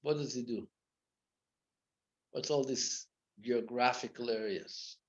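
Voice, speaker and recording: A rabbi teaches a live Torah class in a slow, medium-pitched voice, mixing Hebrew and Yiddish terms into his English. He swings from loud, acted rebukes to quiet asides, captured in a dull, lo-fi classroom recording.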